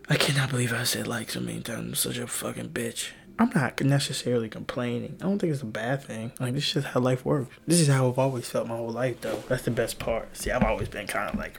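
Tired young man, mid-pitched, keeping his voice low and half-whispered; loose, profane solo podcast monologue over faint noise. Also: creaky. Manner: hushed, half-whispered rambling with swearing and laughs. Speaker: podcast host.

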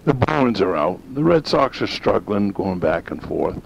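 A man's voice: low voice, very animated, a little slow, vocal fry. A man from northern Maine hosting a talk radio show, rambling in a folksy, opinionated way. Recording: dull lo-fi sound with faint hiss.

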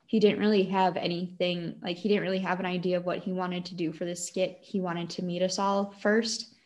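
A woman's voice: fairly low pitch, level tone, fairly quick. A young woman with a Wisconsin accent, telling a story as a guest in a casual, chatty way with lots of fillers and giggles.

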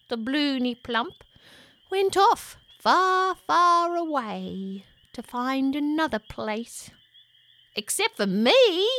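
A woman voicing a playful, mud-loving young female ghost creature in a sing-song, squeaky storybook voice. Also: fairly bright tone, heavily acted. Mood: spooky. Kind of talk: storybook audio reading.

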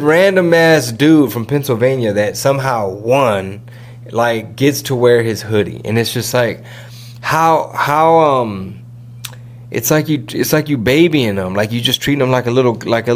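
A man hosting a podcast in a casual, rambling, slang-heavy chat, often mimicking other people in quick asides. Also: mid-range voice. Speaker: podcast host.

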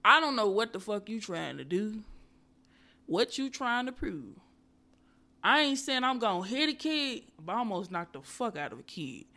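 A woman hosting a podcast, delivering a casual comedic monologue full of profanity and animated ranting, and speaking straight to her viewers and listeners. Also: medium pitch, moderate pace. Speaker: podcast host.

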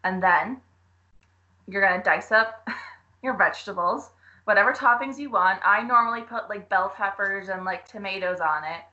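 A woman's voice: mid-range voice, normal speed, bright, forceful tone, muffled recording. A young woman co-hosting a podcast, giggling as she gives playful cooking instructions. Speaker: podcast co-host. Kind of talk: casual chat.

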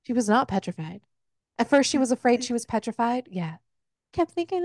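Woman podcaster dishing on a book, cussy and joking, highish voice, dry mic. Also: fairly quick, no room sound. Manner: animated, swears, jokes mid-retelling. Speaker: book club podcast host. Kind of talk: casual book recap chat.

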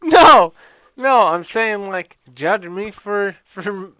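Excitable podcast dude cussing nonstop, smooth voice, tinny phone-ish audio. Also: male voice, high-pitched, slow, dry recording. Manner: excitable, profane, interrupting. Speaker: podcast co-host. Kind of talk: casual crude banter.

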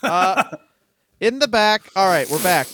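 A man in his thirties co-hosting a comedy podcast from his garage, telling stories in an animated way and acting out the people in them. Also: high-pitched, slow, a little hiss or hum. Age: 30s. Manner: animated storyteller doing voices. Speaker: podcast co-host. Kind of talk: casual comedic storytelling.

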